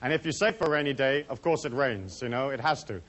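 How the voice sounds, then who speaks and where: A man's voice: mid-range voice, quick pace, fairly bright tone. A man giving a casual lecture to a live audience, rambling and chatty with many asides. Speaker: seminar speaker.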